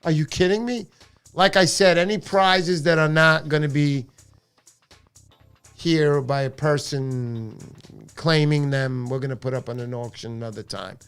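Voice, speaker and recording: A middle-aged man hosting a casual livestream, playful and jokey with loud bursts of excitement. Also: fairly high pitch, measured pace, smooth, soft background music. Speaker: livestream host.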